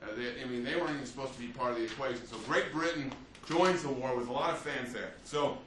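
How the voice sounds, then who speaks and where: A man's voice: medium pitch, fast, fairly bright tone. Male history teacher, casual lecture style, off-mic in an echoey room with faint background hum. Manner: conversational, acts out quotes, frequent "you see" and "right?". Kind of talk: classroom lecture. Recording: roomy, distant, faint ambience.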